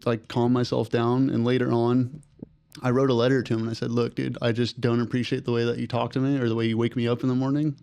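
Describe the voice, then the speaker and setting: A young man, a former program participant, telling his story in a casual, rambling way on a podcast and getting animated when he quotes others. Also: mid-range voice, creaky, clean tone, dry recording. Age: young adult.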